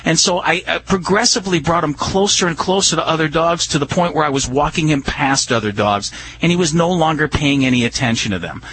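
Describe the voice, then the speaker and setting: A man on a radio talk show, explaining dog behavior and training in a calm, earnest way. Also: fairly high pitch, brisk, hardly any pauses, a little hiss or hum, rough recording. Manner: calm, earnest explaining with many "you know"s. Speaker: dog trainer answering listener questions.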